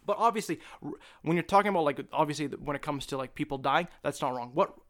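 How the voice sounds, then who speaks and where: Heated, profane young man, higher voice. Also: fast talker, fairly bright tone. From Palestine. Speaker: podcast guest. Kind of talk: casual podcast chat.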